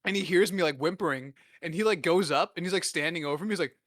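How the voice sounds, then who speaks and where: A man's voice: on the high side, fast, fairly bright tone, no echo, studio quality. A man in his twenties hosting a podcast, telling rambling, profane, self-deprecating stories in a casual comedic way. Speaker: podcast host.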